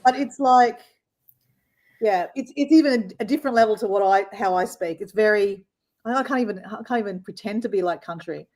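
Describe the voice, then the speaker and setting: A woman from Australia with an Australian accent, co-hosting a casual live-stream chat, talking fast with many restarts. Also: mid-range voice, darkish tone. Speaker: co-host.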